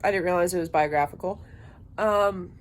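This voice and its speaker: A young woman talking casually in a late-night book vlog, tired and yawning, with a sleepy, low-energy delivery. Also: normal speed, a little hiss or hum. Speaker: book vlogger.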